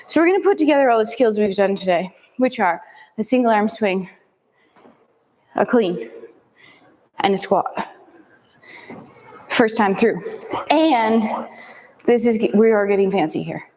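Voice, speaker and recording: A woman's voice: medium pitch, expressive, unhurried, pauses often, a little mellow, big-room sound, low-quality recording. A woman fitness instructor leading a follow-along kettlebell workout, cueing moves in short upbeat counts.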